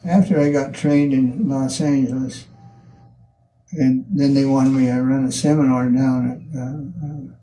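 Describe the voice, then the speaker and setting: An older man in an interview, telling stories from his career slowly, with many restarts and pauses. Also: mid-range voice, fairly even intonation, mellow, recorded from a distance, slight background noise, rough recording. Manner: slow, halting storyteller with many restarts. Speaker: value engineering pioneer. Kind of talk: recollecting in an interview.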